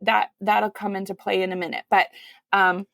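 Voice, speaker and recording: A woman who is a guest on a podcast, telling her story in a conversational way and acting out the quoted voices with big jumps in pitch. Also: level tone, moderate pace, gravelly, a bit bright. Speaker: podcast guest, mother of five.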